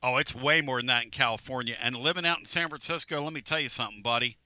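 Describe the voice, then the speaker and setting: A man co-hosting sports talk radio in an excitable, joking way. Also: mid-range voice, fast, no echo.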